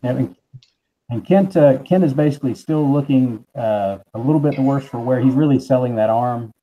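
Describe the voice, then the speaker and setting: A man's voice: mid-range voice, moderate pace, highs cut off, a little hiss or hum. A man from South Carolina with a Southern accent, chatting easily as a player in a tabletop game and often repeating words while he thinks. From South Carolina, USA. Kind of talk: casual chat at a tabletop game.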